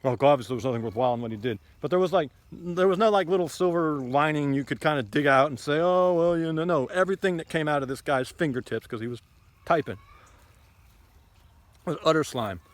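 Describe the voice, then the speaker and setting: A man's voice: a little high, animated, fairly quick, no room sound. A man giving a casual, rambling tour of his garden outdoors. He is blunt and opinionated and fills his talk with ums and asides. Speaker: homesteading vlogger.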